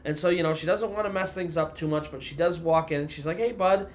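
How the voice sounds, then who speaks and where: A man on the high side of pitch talks quickly through an eerie story. He speaks conversationally and loosely, dropping in lots of "you know" and "kinda."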